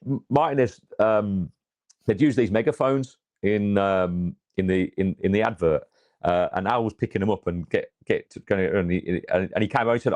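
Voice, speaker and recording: An English co-host with a fairly low, darkish voice speaks at normal speed about his football club, casual and rambling with frequent fillers and restarts. There's no room sound.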